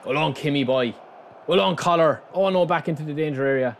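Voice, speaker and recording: A man with an excitable manner, commentating live on his own football video game and talking straight to his viewers. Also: fairly high pitch, brisk, creaky, a little hiss or hum. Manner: excitable, shouts and groans at the play, addresses viewers as lads. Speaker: gaming channel host.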